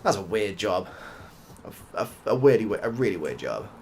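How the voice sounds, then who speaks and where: Soft-spoken British man, lively voice. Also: fairly low pitch, moderate pace, vocal fry, slight background noise. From United Kingdom. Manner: rambling, casual storytelling with frequent swearing. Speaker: ASMR gaming streamer. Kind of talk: soft-spoken gameplay chat.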